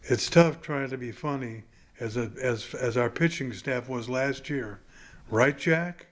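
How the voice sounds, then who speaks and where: A man's voice: mid-range voice, a little slow, close to an everyday voice. A man voicing a joking young male baseball catcher who teases his teammates in a mock-pitiful way. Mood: teasing.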